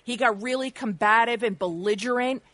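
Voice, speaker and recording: A woman's voice: fairly high pitch, moderate pace, fairly bright tone, no room sound. A woman hosting a talk radio discussion, retelling a news story with indignant rhetorical questions. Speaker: radio talk show host.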